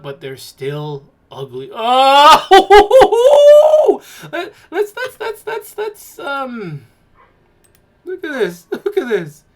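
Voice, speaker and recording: A woman's voice: on the high side, a bit bright. A woman hosting a podcast, giving casual reaction commentary in a mocking, exclaiming way and laughing in disgust. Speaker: podcast host.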